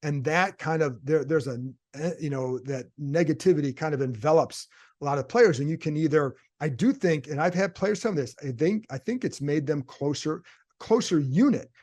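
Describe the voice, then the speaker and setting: A man's voice: fairly high pitch, moderate pace, darkish tone. A man, a sports reporter hosting his own show, talking through his views in casual solo commentary and answering his own rhetorical questions. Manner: conversational, thinks aloud with rhetorical questions. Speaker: sports reporter and podcast host.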